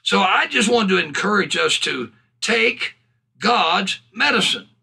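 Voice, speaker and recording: A man preaching a sermon in a high, bright voice with a gravelly, husky edge. He is fervent and exclaims praise between his points. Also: lively intonation, unhurried. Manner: fervent, punctuated with hallelujahs and bursts of laughter.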